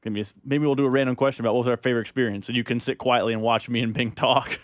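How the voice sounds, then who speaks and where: A man's voice: mid-range voice, fairly even intonation, very fast, no echo. A man co-hosting a sports talk radio show, cracking jokes and laughing at his own wisecracks, on a studio microphone. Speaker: radio co-host.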